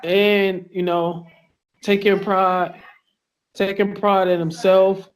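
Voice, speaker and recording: A man with a notably high-pitched voice speaks as a fighter guest on a podcast. He rambles, swears freely and restarts his sentences often, full of fillers. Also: little pitch movement, slow pace, clean tone. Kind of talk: casual podcast interview. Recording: online call with lag.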